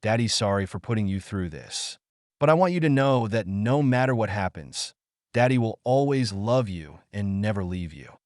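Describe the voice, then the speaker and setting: A heartbroken father from an audio story speaks in a soft, aching voice, as a male narrator puts him on. His pitch rises and falls expressively. The sound is dry and close, with no room echo. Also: lively intonation, normal speed, natural voice. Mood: pained, gentle. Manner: soft and pained.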